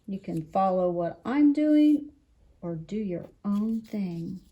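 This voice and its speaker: Sing-song children's librarian. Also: female voice, mid-range voice, takes it slowly, highs cut off. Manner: sing-song, expressive storyteller. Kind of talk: storytime read-aloud and craft demo.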